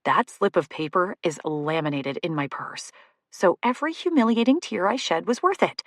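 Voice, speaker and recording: A woman narrating a romantic comedy audiobook in first person, expressive and comic. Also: on the low side, moderate pace, dry recording, clean studio sound.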